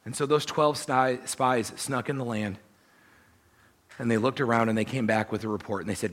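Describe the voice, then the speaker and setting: A man preaching a sermon, telling the story in an animated way and voicing the people he quotes. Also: medium pitch, normal speed. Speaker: pastor.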